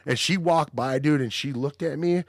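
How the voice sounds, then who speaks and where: A man's voice: a little high, normal speed, dry recording, clean studio sound. A man hosting a podcast, telling wild stories with lots of swearing and laughter. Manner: profane, laughing storyteller. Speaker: podcast host. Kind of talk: casual storytelling chat.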